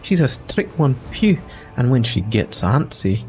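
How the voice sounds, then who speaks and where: A man's voice: medium pitch, very animated, a little slow, a little mellow, soft background music, voice pushed up. A man voicing a sheepish young male halfling rogue who stammers and gets flustered in a video game.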